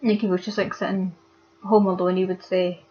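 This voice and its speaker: A young woman, speaking haltingly and with many fillers as she talks upset into her camera for a vlog. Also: lowish voice, little pitch movement, mellow, slight background noise. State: upset and hurt. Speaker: vlogger. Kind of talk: casual confessional vlog. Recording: dull lo-fi webcam audio.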